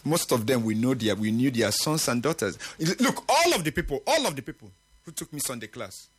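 A husky-voiced middle-aged man hosts a morning radio talk show. He speaks earnestly and with emphasis, and his pitch swings widely as he makes his points. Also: big pitch swings, a little fast. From Nigeria. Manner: earnest, emphatic, with occasional laughs. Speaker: radio host.

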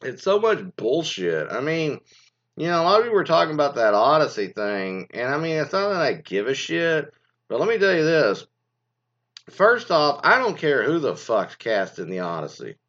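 A man riffs through a casual commentary, wandering off into exasperated, profanity-laced stories. His voice swings widely in pitch as he rants. The audio sounds a little dull and lo-fi. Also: big pitch swings, normal speed, a bit bright. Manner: profane, rambling, exasperated storytelling. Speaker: commentary host.

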